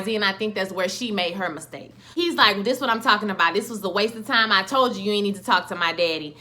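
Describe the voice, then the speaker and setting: A woman's voice: medium pitch, bright, forceful tone. A young adult woman giving a casual, candid recap of a TV episode in a chatty, slangy storytelling way.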